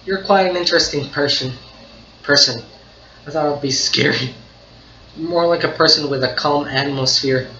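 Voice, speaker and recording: Excitable laughing guy in an echoey room. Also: fairly high pitch, moderate pace, long pauses, a little hiss or hum. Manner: excitable, laughs often, repeats himself. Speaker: anime reaction channel host. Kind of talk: casual reaction commentary. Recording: dull, echoey room recording.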